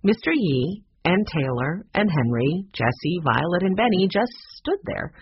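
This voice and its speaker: A husky-voiced reader narrating a children's chapter book in an expressive way. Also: mid-range voice, measured pace, no room sound, dull audio. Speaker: storybook reader.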